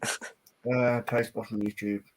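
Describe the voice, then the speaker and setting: A man's voice: mid-range voice, little pitch movement, slow, no echo. A young man, a guest in a football chat, stubbornly insisting on his point by repeating himself. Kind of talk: casual banter.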